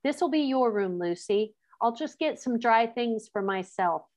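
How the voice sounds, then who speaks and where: A woman's voice: a little high, animated, a little mellow. A woman reading aloud voices a friendly, hospitable young king in a lightly raised tone. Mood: helpful. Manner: hospitable, brisk. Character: friendly, warm-hearted young male king. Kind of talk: storybook read-aloud.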